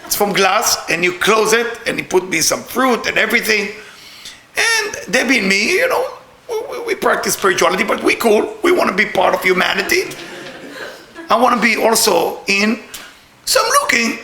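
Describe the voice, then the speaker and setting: Casting: middle-aged man, spiritual teacher, laughing storyteller, high gravelly voice, roomy echo. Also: normal speed. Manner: animated, laughing, repeats words. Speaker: Kabbalah teacher. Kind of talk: storytelling class talk.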